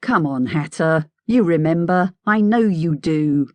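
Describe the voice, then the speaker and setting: A woman's voice: low-pitched, expressive, measured pace, dry recording. A woman doing a curt, impatient man. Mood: pressing. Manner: curt, exasperated. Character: impatient, weary male hero. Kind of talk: audiobook character voice.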